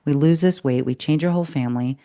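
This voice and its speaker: A woman co-hosting a podcast in casual chat, chatty and animated and quick to laugh. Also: low voice. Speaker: podcast co-host.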